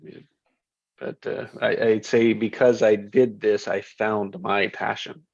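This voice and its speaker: A man's voice: fairly low pitch, little pitch movement, takes it slowly, vocal fry, darkish tone, slightly rough, no echo, dull audio. A man who organizes a group, talking in a rambling, enthusiastic way and repeating himself. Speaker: group organizer, business owner. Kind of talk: casual group chat.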